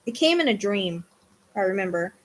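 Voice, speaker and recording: A woman doing a live-streamed psychic reading, excitable, swinging between hushed asides and loud exclamations. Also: medium pitch, moderate pace.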